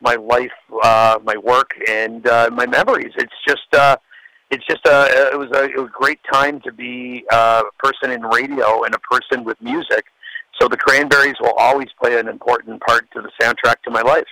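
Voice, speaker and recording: Bright-voiced male radio DJ. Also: mid-range voice, flat delivery, no echo, poor audio. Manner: heartfelt, reflective, halting. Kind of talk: recorded tribute message.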